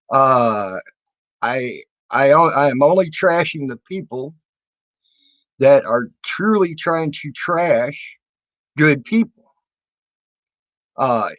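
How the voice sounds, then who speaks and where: A man's voice: medium pitch, no echo, lo-fi sound. A man speaking casually to his viewers in a rambling, defensive way, full of fillers and restarts. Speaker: video maker answering his community.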